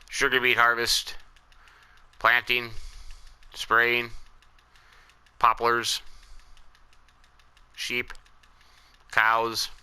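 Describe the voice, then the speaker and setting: A man's voice: medium pitch, bright, forceful tone, smooth, poor audio. A man hosting a farming game channel, giving casual, folksy commentary as he talks to himself while playing. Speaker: gaming channel host.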